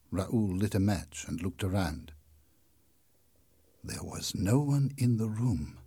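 A man narrating a simple story with slow, deliberate, expressive delivery and a husky voice. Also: on the low side, dry recording. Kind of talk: scripted narration of a graded reader.

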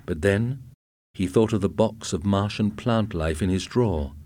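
A man narrating a story in a slow, clear, measured reading style. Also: fairly low pitch, mellow.

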